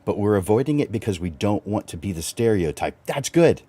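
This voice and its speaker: With a brisk, husky delivery, a middle-aged photographer hosts a livestream offering business coaching to photographers. Chuckling and animated, he lets his voice shoot up high to emphasize things.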